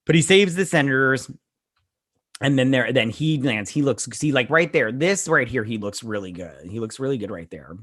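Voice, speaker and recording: A man's voice: medium pitch, animated, moderate pace, fairly bright tone. A man hosting a casual episode recap, rambling with lots of fillers and blunt opinions. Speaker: show host reviewing a TV episode.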